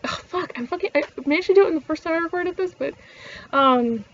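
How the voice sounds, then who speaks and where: A woman's voice: high voice, moderate pace, muffled recording. A Canadian woman vlogging in casual chat, rambling and swearing, often correcting herself mid-sentence. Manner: rambling and profane, with frequent self-corrections.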